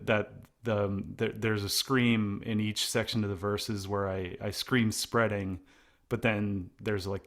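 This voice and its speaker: A middle-aged man with a fairly low voice talks through his songwriting in a relaxed interview. He rambles, circles back and restarts his sentences often, filling gaps with ums and likes. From United States. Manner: rambling, many restarts and fillers. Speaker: singer of a post-hardcore band. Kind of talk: casual interview talk.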